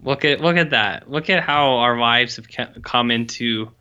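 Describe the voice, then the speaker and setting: A man's voice: mid-range voice, normal speed, pushed and bright, clear, resonant tone, muffled recording. A young man co-hosting a podcast, chatting in an easygoing, agreeable way with hesitant restarts. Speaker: podcast co-host. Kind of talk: casual chat.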